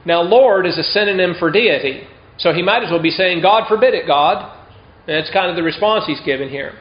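A man's voice: high voice, a little fast. A man preaching a sermon in a conversational way, often throwing rhetorical questions to the listeners. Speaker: pastor. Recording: roomy, dull lo-fi sound.

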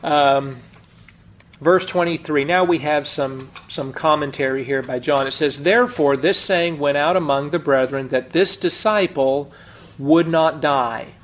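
A man's voice: fairly high pitch, unhurried, a little hiss or hum. A man teaching the Bible verse by verse in a conversational way, asking his class questions as he goes. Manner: conversational, explains and asks the class. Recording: dull lo-fi recording.

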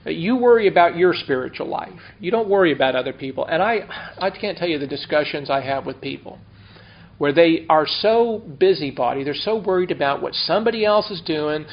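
A man's voice: on the high side, animated, normal speed. A man teaching the Bible verse by verse in a conversational way, asking his class questions as he goes. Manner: conversational, explains and asks the class. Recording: dull lo-fi recording.

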